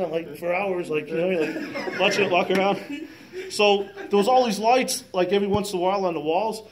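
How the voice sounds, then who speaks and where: Profane high-voiced man in his fifties. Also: a little mellow. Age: 50s. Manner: profane, rambling, laughs through the story. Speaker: electrician telling a work story. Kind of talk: casual storytelling. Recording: roomy sound from a distant mic.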